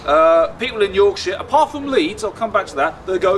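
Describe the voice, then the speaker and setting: A young man with a southern English accent delivers a stand-up set in a high, chatty voice. He is sardonic and drags out his punchlines. It was recorded outdoors with a faint hum of traffic behind him. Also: animated, a little fast. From Luton, England. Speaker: stand-up comedian. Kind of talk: stand-up routine. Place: outdoors in a city. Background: faint outdoor ambience and traffic.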